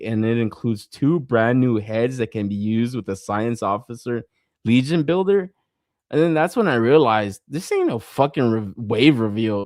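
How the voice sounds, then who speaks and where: A man's voice: mid-range voice, no room sound, clean studio sound. A man hosting a toy podcast in a casual monologue, cursing often, laughing, and acting out his own reactions. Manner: profane, animated storytelling with frequent laughs.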